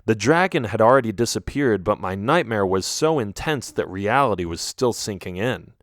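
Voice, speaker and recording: A man reading a children's ghost story aloud as an audiobook narrator, telling it in an expressive storytelling manner. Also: fairly low pitch, moderate pace, dry recording, clean studio sound. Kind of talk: scripted narration.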